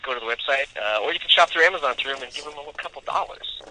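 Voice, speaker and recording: A man's voice: medium pitch, lively intonation, racing, bright, forceful tone, a little hiss or hum, rough recording. A man co-hosting a podcast, rambling through plugs and teasing his guests in casual chat. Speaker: podcast co-host.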